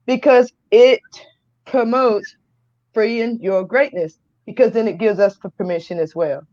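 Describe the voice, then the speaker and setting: A woman hosting a casual livestream on a computer, exuberant, shouting and laughing as she reads viewer comments. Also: on the high side, measured pace, no echo, dull audio. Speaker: livestream host. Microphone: computer mic on a live video call.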